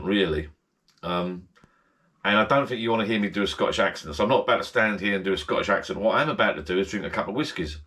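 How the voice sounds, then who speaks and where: A man's voice: lowish voice, a bit bright. Rambling man hosting a casual vlog. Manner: rambling, repeats himself, friendly direct address. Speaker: channel host. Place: backyard garden shed bar.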